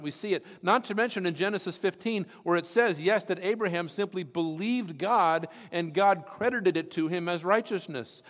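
A man's voice: high voice, fairly bright tone, in a large hall. A man preaching as pastor, reading scripture and explaining it with everyday examples in an earnest teaching tone. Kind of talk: sermon.

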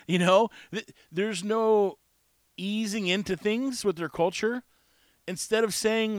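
A man rambles through his opinions in a casual solo talk, chuckling at his own jokes as he goes. His voice sits a little high for a man. The sound is dry and close, with no room behind it. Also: slow pace, no room sound.

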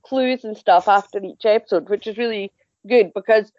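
A woman's voice: mid-range voice, normal speed, darkish tone, dry recording, highs cut off. A woman contributing to a podcast chat, talking enthusiastically about TV shows. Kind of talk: casual chat.

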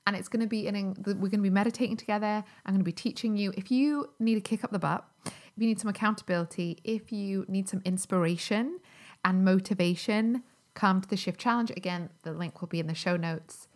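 A woman's voice: medium pitch, a little fast. A chatty woman talks through her solo health podcast. She sounds upbeat and casual, with plenty of ums and likes. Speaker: podcast host and health coach.

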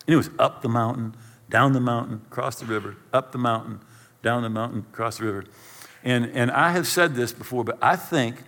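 A middle-aged man preaches from the pulpit, spinning a self-deprecating story and acting out the scenes as he goes. His pitch rises and falls with lively swings. The sound rings with the long reverb of a large hall. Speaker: pastor. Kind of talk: storytelling sermon.

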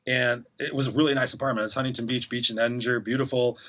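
Middle-aged male guest, husky and quick, rambling anecdotes with acted-out quotes. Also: medium pitch, fairly even intonation, a bit bright. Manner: rambling, acts out quoted voices. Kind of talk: casual storytelling interview.

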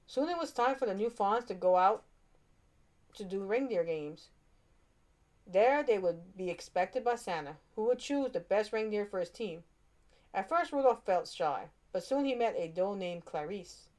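Brief: woman reading a kids' storybook, expressive, a few stumbles. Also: mid-range voice, unhurried. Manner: expressive, with small slips and restarts. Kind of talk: children's storybook read-aloud.

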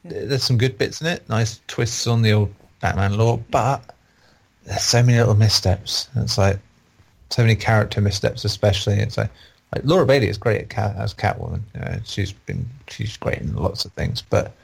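A man's voice: mid-range voice, gravelly, slightly rough. A man reviewing games in a casual, rambling and opinionated chat. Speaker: game reviewer on a podcast.

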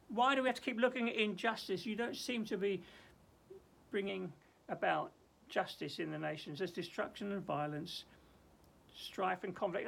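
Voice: mid-range voice, vocal fry, a bit bright. A church leader giving an earnest daily Bible devotional and prayer, emphatic, with frequent stammered restarts.

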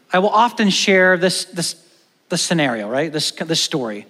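Male pastor, sermon, fairly high voice, animated loud-to-hushed delivery, long church-hall reverb. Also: measured pace.

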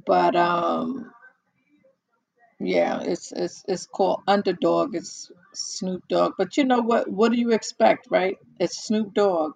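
A woman's voice: fairly low pitch, fairly even intonation, slow pace, gravelly, a little mellow, poor audio. An older woman hosting a casual monologue, telling stories in a blunt, exasperated way with many restarts.

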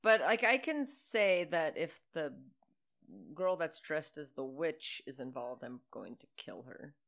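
A woman with a notably low voice talks through a horror film with a co-host. Her commentary is loose, profane and joking, and laughter breaks in often. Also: animated, a little slow, a bit bright. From Italian family background. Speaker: podcast co-host. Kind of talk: casual movie-watching commentary.

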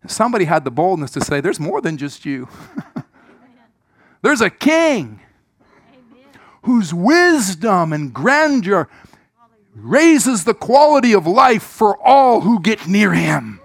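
A middle-aged man preaching a sermon in church, telling a personal story with big swings from shouts to hushed asides, his throat a little squeaky. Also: very animated, slow, gravelly, no room sound. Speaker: pastor.

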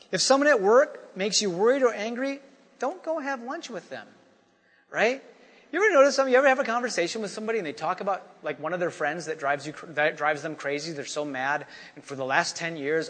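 A man's voice: on the high side, fast, fairly bright tone. A male pastor preaching a Sunday sermon in a conversational way, repeating refrains and tossing in "you know" and "right?". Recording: long hall reverb.

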